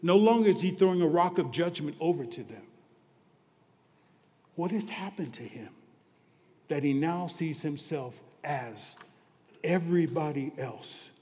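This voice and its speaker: Slow, earnest preacher man in a reverberant hall. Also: a little high, expressive. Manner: earnest, swings between hushed and emphatic preaching. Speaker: pastor. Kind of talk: sermon. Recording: long reverb of a large hall.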